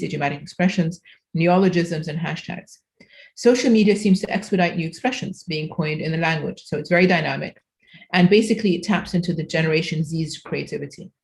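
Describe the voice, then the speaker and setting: A woman from Egypt, giving a conference keynote lecture, explaining with frequent fillers and self-corrections. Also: lowish voice. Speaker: keynote speaker.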